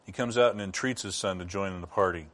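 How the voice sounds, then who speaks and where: Lower-voiced pastor preaching a sermon. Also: male voice, fast talker, fairly bright tone. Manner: teaching with rhetorical questions.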